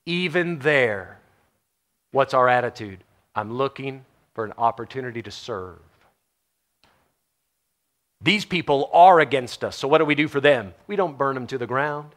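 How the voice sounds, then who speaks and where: A man preaching a sermon, telling Bible stories in an animated way, acting out the quotes and laughing often. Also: mid-range voice, measured pace, pauses often.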